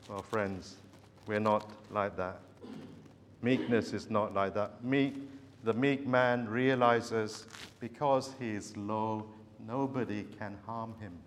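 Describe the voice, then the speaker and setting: A man preaching a sermon, slow and emphatic, repeating his key phrases. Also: fairly low pitch, slight background noise. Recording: long hall reverb.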